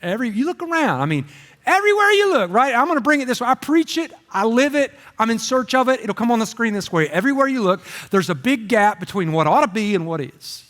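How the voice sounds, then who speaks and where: Middle-aged man, pastor, storytelling sermon, high lively voice. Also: quick pace. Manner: animated storytelling with comic voices. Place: church auditorium. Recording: long hall reverb.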